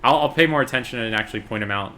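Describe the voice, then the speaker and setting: A young man on a gaming stream, talking casually in a bright, forceful voice. He is relaxed and chatty, with sudden excited bursts. There is a faint hum of noise behind him. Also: mid-range voice, very fast.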